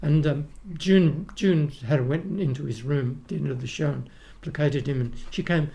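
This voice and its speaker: Gravelly older Australian man reminiscing. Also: on the high side, normal speed, warm tone, muffled recording. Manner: rambling anecdotes with frequent restarts and laughs. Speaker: guest, retired opera tenor. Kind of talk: casual chat, storytelling.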